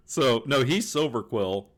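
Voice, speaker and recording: A man's voice: mid-range voice, animated, takes it slowly, a loud crowd. A man chatting casually as a player in a tabletop game, laughing often and acting out his character's lines.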